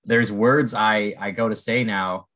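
A man's voice: fairly low pitch, steady tone, unhurried, pushed and bright. A man from Canada hosting a casual interview, friendly and rambling, often making fun of himself. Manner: friendly, rambling, self-deprecating.

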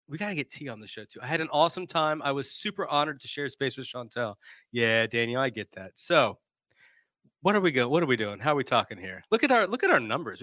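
A man's voice: mid-range voice, pushed and bright, dry recording, studio quality. A man hosting a casual live-streamed talk show, laughing often and reading out viewer comments. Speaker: podcast host.

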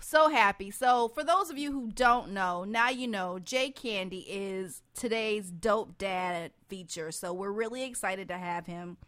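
Bright-voiced woman hosting a radio show. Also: medium pitch, measured pace, few pauses. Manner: playful, laughs often, teasing banter. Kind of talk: casual radio talk.

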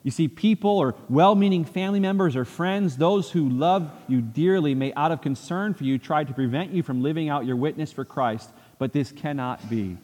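Man, pastor, sermon, earnest, repeats for emphasis, higher voice, echoing church hall. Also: normal speed, hardly any pauses, a little mellow. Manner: earnest, repeats phrases for emphasis, acts out quotes with rising pitch. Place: church sanctuary.

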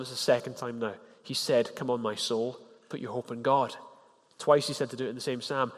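A man preaching a sermon, animated, rising in pitch and loudness to press his points. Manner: animated, rises in pitch and volume for emphasis. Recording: long hall reverb.

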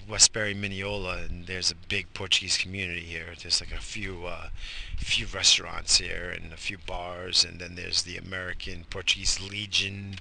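Worn-out man talking to camera while driving, jokey and foul-mouthed, lower-pitched voice with a hard, bright edge. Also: creaky, a little hiss or hum. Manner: rambling, profane, jokey. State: exhausted, yawning. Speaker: vlogger. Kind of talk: casual rambling vlog while driving. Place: inside a car.

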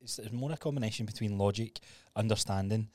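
A man's voice: fairly low pitch, quick pace, darkish tone, no echo. A man co-hosting a casual podcast, agreeable and chipping in with short remarks. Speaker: podcast co-host. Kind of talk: casual chat.

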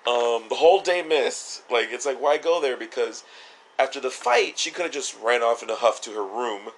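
A man's voice: mid-range voice, expressive, normal speed, slight background noise, rough recording. A man co-hosting a podcast in casual chat, joking and rambling with lots of fillers. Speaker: podcast co-host.

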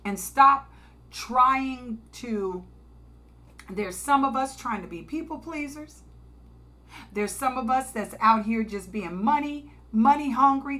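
A woman preaching with a measured, unhurried delivery, reading psalms aloud and then exhorting her listeners. She speaks in a fairly high voice and calls them honey as she urges them on. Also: fairly bright tone. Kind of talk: sermon.

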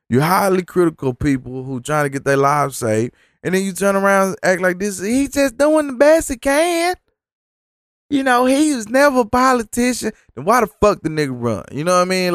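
A man's voice: sits high, animated, normal speed, a bit bright, no echo, studio quality. Exasperated profane man. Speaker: storyteller. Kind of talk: casual storytime rant.

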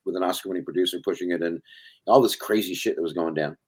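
A man's voice: low-pitched, quick pace, a little mellow, husky. An older man telling rambling stories as a podcast guest, interrupting himself as he goes. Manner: rambling, self-interrupting storyteller. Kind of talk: casual storytelling.

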